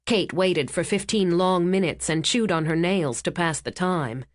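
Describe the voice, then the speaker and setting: A woman reading a thriller audiobook in a calm, steady narration. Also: on the low side, measured pace, no echo, clean studio sound. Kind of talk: scripted narration.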